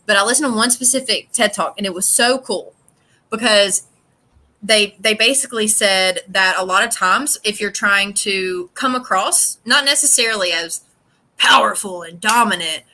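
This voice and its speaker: A woman's voice: medium pitch, moderate pace, pushed and bright. A woman guest on a livestream, chatting casually and retelling things with enthusiasm.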